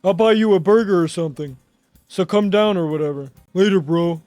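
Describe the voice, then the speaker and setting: A man's voice: sits high, fairly quick, a little mellow, no echo, voice pushed up, lightly acted. A man doing a slangy teasing buddy. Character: laid-back young male buddy teasing on voicemail.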